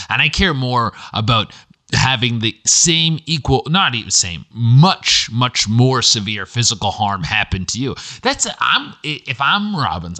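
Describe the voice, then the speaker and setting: A man hosting a solo podcast at his computer, talking in an animated way, swearing freely and jumping between high and low pitch. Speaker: podcast host.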